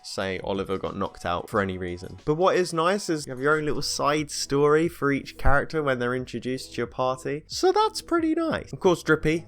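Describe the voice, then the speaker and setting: A man's voice: medium pitch, fairly bright tone. A man narrating a casual game review as a voice-over, with wry, sarcastic asides.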